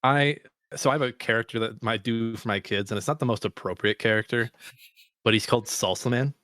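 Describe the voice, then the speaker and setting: A man co-hosting a podcast in casual chat, animated, laughing often and slipping into put-on voices. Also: medium pitch, brisk, dry recording, studio quality. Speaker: podcast co-host.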